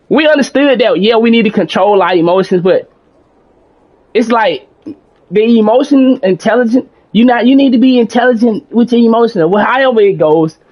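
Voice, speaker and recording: A man streaming games, talking in a calm, rambling, self-reflective way, with many restarts and some casual swearing. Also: sits high. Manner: casual speech with mild swearing. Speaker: gaming streamer.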